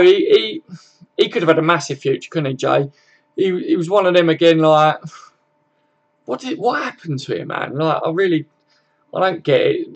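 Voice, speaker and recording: A man's voice: fairly high pitch, creaky. A young man hosting a casual football-fan live stream, chatting loosely, swearing freely and chuckling as he responds to viewers. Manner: laid-back, swears freely, chuckles often. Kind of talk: casual live-stream chat, reading comments aloud.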